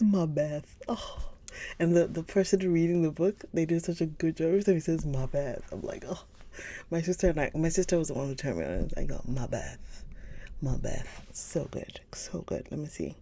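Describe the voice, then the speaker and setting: A woman hosting a live book stream, chatting casually with viewers, gushing and often slipping into a soft whisper. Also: low-pitched, animated, fairly quick, a little hiss or hum. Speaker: livestream book reader host.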